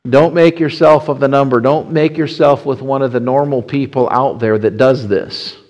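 A man's voice: medium pitch, fairly even intonation, moderate pace, a little mellow, poor audio. A man preaching in a church, talking in a conversational way, restarting phrases often as he explains. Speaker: pastor. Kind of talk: sermon.

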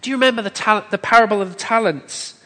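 A man preaching a sermon to a congregation, in a measured, emphatic way that builds his points through lists. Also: high-pitched, pushed and bright. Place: church hall. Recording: long hall reverb.

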